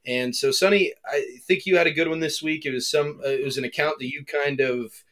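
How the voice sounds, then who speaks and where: A man's voice: fairly high pitch, fairly even intonation, a little fast, fairly bright tone. A man with an American accent co-hosting a golf podcast, chatting casually and animatedly, steering the show's segments. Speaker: podcast co-host. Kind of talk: casual chat.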